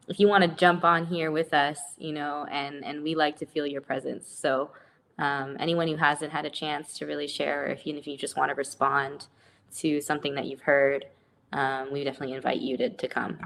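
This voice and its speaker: Gravelly, low-voiced woman moderator. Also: slight background noise. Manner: encouraging, inviting. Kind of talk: hosting a discussion.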